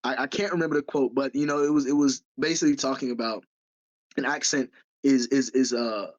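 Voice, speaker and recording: A man's voice: mid-range voice, fairly even intonation, brisk. Male co-host, eager and stumbling, dull lo-fi sound. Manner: enthusiastic, stumbling restarts. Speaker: podcast co-host. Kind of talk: casual podcast chat.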